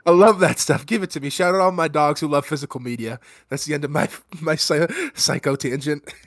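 A man's voice: a little high, a little fast, dry recording, clean studio sound. A young man co-hosting a casual film podcast, enthusiastic and prone to rambling tangents. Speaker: podcast co-host.

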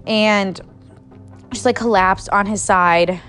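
A woman's voice: mid-range voice, steady tone, slow pace, fairly bright tone, faint music behind. A young adult woman casually telling a story on a podcast, filling her talk with "like" and swearing freely. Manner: chatty, heavy use of "like", swears freely.

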